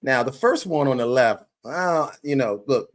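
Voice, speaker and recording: A man co-hosting a reaction show in casual, profane, animated chat, laughing often. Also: medium pitch, moderate pace. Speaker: co-host of a reaction channel.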